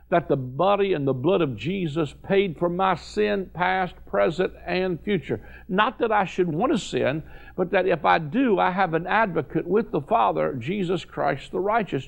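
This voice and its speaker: A man with a high, creaky voice preaches a televised sermon to his viewers. He is fervent and emphatic, repeating phrases to drive his points home.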